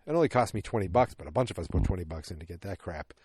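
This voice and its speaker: A man's voice: sits low, lively intonation, racing, a little mellow, husky, no echo, studio quality. A man hosting a casual movie podcast, rambling through the plot with joking asides and frequent self-corrections. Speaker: podcast host.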